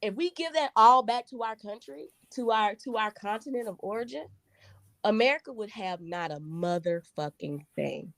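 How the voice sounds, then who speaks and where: A woman co-hosting a podcast in a casual, emphatic conversation, jumping high in pitch when she stresses a point. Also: expressive, normal speed. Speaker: podcast co-host.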